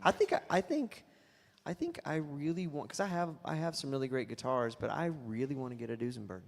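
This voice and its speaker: A man's voice: mid-range voice, a little fast, gravelly, big-room sound. A man working in a guitar shop, co-hosting a live Q&A in casual, joking chat. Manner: joking, animated, breaks into sung and put-on bits. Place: music store.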